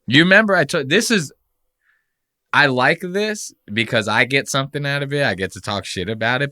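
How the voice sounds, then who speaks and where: A man hosts a podcast in a loose, profane rant, mocking what he has just watched. His voice is bright and swings widely in pitch. The sound is dry and close. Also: no room sound. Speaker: podcast host. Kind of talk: casual comedic podcast rant.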